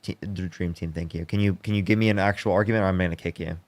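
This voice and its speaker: A man running a heated live debate, talking quickly and insistently in a low voice. His sound is dry and close, with no room around it. He keeps repeating his demands for an argument. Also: steady tone, dry recording. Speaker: debate livestream host.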